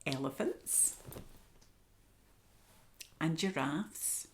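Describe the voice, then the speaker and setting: A woman hosting storytime, reading a children's story aloud expressively with dramatic hushes. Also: low voice, expressive, takes it slowly, pauses often. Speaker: storytime reader.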